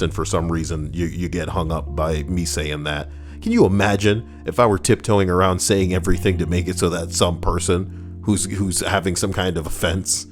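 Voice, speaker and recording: A man hosts a comedic reading, dropping sarcastic, rambling asides between story lines. His voice sits deep and low, with faint guitar music behind him. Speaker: host reading and reacting to online stories.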